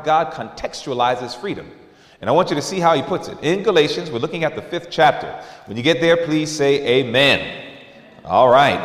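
Lively preacher guy, swings up and then goes hushed, big echoey room. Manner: animated, drops to a low hush for emphasis. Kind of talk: sermon. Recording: echoey hall, mic at a distance.

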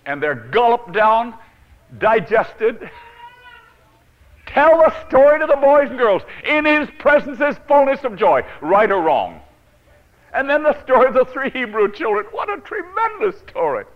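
A male preacher telling a Bible story in a dramatic sermon, swinging from loud to hushed and chuckling often. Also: extremely high pitch, sing-song, a little slow, long pauses, muffled recording.

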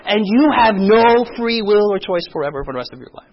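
A man voicing a guilt-tripping aging immigrant parent who speaks in slow, emphatic demands. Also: sits high, expressive, lo-fi sound, some chatter behind, pitched above the performer's own voice. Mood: demanding.

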